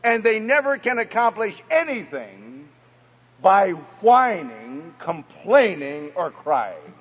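Male preacher, storytelling, breathy, dull lo-fi hall sound. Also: high voice, slow pace. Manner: emphatic, storytelling, animated. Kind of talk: sermon on parenting. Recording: dull recording in echoey hall.

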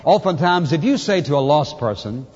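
A man's voice: on the high side, animated, moderate pace, darkish tone, slightly rough, muffled recording. Man preaching in a long, echoing hall. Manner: emphatic preaching with rhetorical questions. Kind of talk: sermon.

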